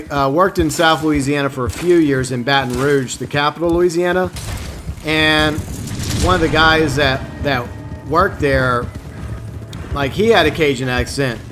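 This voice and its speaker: A man's voice: fairly high pitch, fairly bright tone. A man streaming an online game, chatting loosely with his viewers in a rambling way, often stopping and restarting his sentences. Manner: rambling, talks to chat with many restarts. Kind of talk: casual gaming stream chat.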